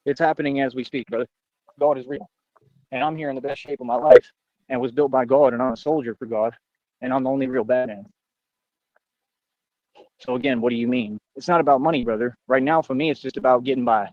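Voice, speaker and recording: A man's voice: medium pitch, steady tone, a little fast, long pauses, darkish tone, no room sound, lo-fi sound. A man on a livestream ranting in a boastful, confrontational, rambling way.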